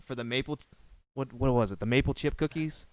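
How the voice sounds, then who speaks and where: A man's voice: mid-range voice, a little fast, no echo. A man co-hosting a casual podcast, emphatic and teasing, swearing freely. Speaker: podcast co-host. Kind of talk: casual chat.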